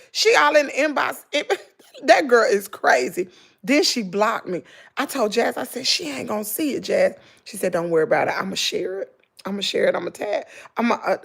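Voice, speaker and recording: Gravelly-voiced Southern woman chatting to viewers. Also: on the high side. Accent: Southern American English. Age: middle-aged. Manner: animated storytelling, mimics her daughter, talks to viewers as "girl" and "y'all". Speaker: vlogger. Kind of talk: casual livestream chat.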